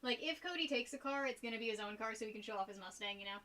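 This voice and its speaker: A woman's voice: on the high side, rapid-fire, bright, forceful tone. A young woman chatting casually on a live stream while she paints, rambling and giggling between topics. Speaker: art streamer.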